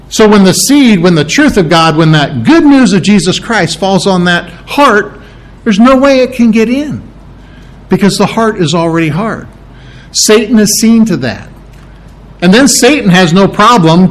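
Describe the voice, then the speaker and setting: Man, pastor, sermon, slightly high voice, very animated pitch, emphatic repetition. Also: low-quality recording. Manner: preaching with emphatic repetition, explaining Greek terms.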